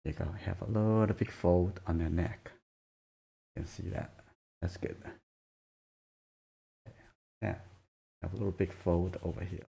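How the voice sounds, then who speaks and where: Soft-spoken gravelly drawing teacher. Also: male voice, low voice, fairly even intonation. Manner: soft-spoken, halting, murmurs while drawing. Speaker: drawing instructor. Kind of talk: live drawing demonstration.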